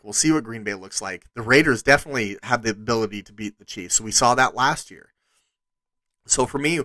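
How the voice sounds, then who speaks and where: A man's voice: mid-range voice, sharp tone, no room sound. A man hosting a solo sports podcast, talking casually with frequent restarts and fillers. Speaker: podcast host.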